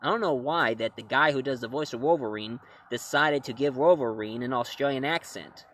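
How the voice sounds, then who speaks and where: A man's voice: medium pitch, a little fast, a bit bright. A man reviewing comics and films in a casual talk to camera, rambling and correcting himself as he goes. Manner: rambling, self-correcting, chuckling.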